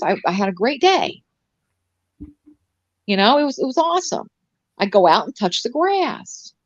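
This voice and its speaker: A woman's voice: mid-range voice, no echo. A middle-aged woman in casual live-stream chat, rambling and sarcastic with many restarts. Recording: dull, dry lo-fi stream audio.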